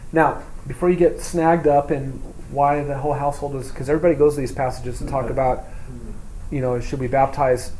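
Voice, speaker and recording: Emphatic man preaching in an echoey room. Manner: swings from loud emphatic reading to quiet, low asides. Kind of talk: expository sermon reading scripture. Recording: echoey room with faint hum.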